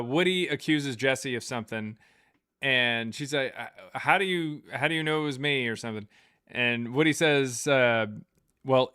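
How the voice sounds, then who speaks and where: Male livestream host, bright voice, dry close mic, jokey rambling chat with viewers. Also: mid-range voice, smooth, no room sound. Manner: joking, rambling storytelling with laughs; reads out viewer super chats.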